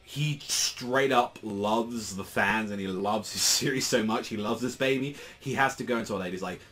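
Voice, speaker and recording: A man's voice: fairly low pitch, moderate pace, fairly bright tone. A young man casually reacting to a comic, rambling, with constant "like"s and frequent swearing. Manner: rambling, heavy use of "like", swearing. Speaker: manga reviewer.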